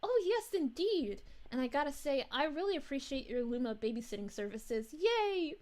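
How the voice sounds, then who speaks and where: A woman playing a gentle, sweet space princess as a VTuber, chatting with her live-stream viewers in a soft, bubbly voice with frequent giggles. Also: high-pitched, very animated, normal speed. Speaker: VTuber streamer reading chat. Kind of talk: live-stream chat in character.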